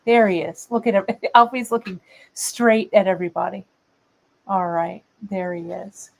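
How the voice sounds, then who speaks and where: At her indoor workshop bench, a woman in her fifties rambles through a casual live-stream beading show, talking to her audience and her cat. Her creaky, mid-range voice holds a fairly even intonation at an ordinary pace, captured on a rough recording.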